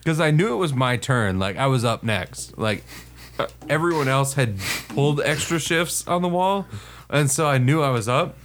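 A man's voice: mid-range voice, animated, normal speed, a bit bright, slight background noise. A man casually telling a crude army story, laughing often and swearing freely.

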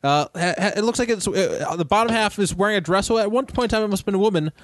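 A man narrating as game master of a tabletop role-playing game, talking in halting bursts with many restarts. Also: sits high, no room sound.

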